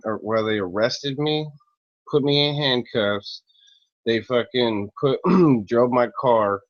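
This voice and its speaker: A man in a rambling, profane, angry rant to camera who clears his throat often, recorded dull and lo-fi. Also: medium pitch, no echo. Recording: dull lo-fi, dry close sound.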